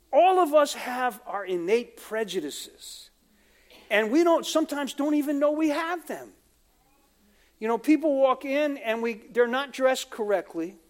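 High-voiced American man preaching. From United States. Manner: conversational preaching with asides and quoted voices. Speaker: pastor. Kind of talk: sermon.

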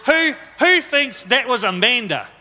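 A man's voice: very high-pitched, lively intonation, a little slow, bright, forceful tone, slight background noise. A man, possibly, preaching a conversational sermon to his church and teasing the congregation. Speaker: pastor. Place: church hall. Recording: live sermon with long hall reverb.

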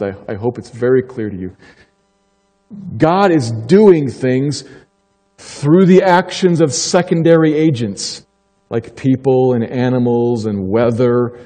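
Emphatic preacher in a reverberant hall. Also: male voice, mid-range voice, mellow. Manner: emphatic, slows down to stress key phrases. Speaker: pastor. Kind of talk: sermon.

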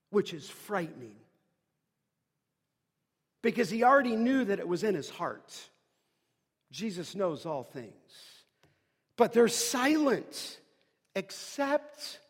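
A man pastor preaching a sermon, dramatic, dropping to hushed asides and rising to loud emphatic lines. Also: high voice, breathy edge. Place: large church sanctuary. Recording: long hall reverb.

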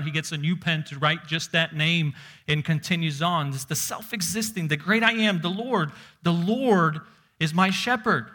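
A man's voice: on the high side, bright, forceful tone. A man preaching a sermon as pastor, emphatic and stressing single words, reading scripture aloud with rising force.

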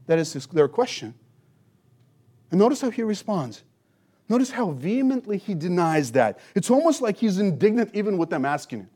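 A man's voice: high-pitched, big pitch swings, normal speed, a little mellow, husky. A man preaching an expository sermon, teaching with emphasis and rhetorical questions. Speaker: pastor.

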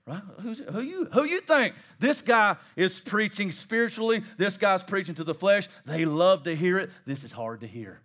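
A man preaching with a high-pitched voice, dropping to near-murmurs and then rising to shouts. He slips into the voices of his listeners with a joking, animated delivery. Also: normal speed. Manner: animated, swings between soft asides and shouting; acts out listeners' voices and jokes with the crowd. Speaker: pastor. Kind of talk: sermon.

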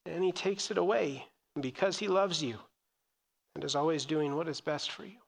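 A man's voice: on the high side, normal speed, creaky, in a large hall. A man preaching a sermon in an earnest, emphatic way, repeating key phrases. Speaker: pastor.

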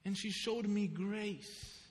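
A man's voice: high-pitched, slow. A man preaching a sermon as a pastor, telling a personal story and asking his listeners pointed questions. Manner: storytelling preacher, animated, asks the congregation questions. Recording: reverberant hall.

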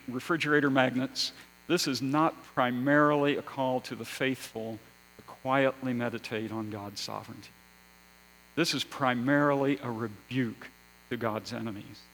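Slow, measured male preacher. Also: mid-range voice, poor audio. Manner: slow, measured preaching with rising emphasis and hushed endings. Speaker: pastor. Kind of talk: sermon.

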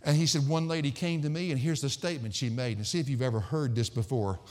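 A middle-aged male pastor preaching a sermon, emphatic and swinging from loud sarcastic peaks down to quiet low endings. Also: quick pace. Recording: hall reverb.

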